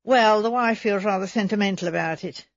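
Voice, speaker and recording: A stout, florid middle-aged man, as a woman narrator puts him on, bluff and wheedling with a forced heartiness. Her slightly husky voice sits on a dry, dull, lo-fi recording. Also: medium pitch, fairly quick, no room sound, close to an everyday voice. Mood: pushy.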